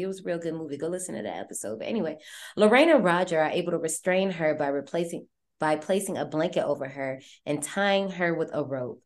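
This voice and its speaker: A woman hosting a podcast, recapping a horror movie in casual, animated, profane slang. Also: on the low side. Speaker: podcast host.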